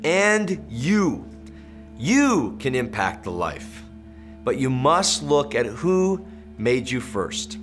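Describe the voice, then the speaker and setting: A man hosting the show, delivering a scripted closing with a slow, lilting delivery. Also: mid-range voice, big pitch swings, a bit bright, faint music behind. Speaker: show host.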